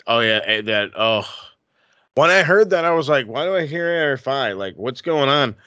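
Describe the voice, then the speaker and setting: A man co-hosting a casual wrestling podcast, talking in an animated, profane way that swings into excited outbursts. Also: mid-range voice, moderate pace, dry recording, muffled recording. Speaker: podcast co-host.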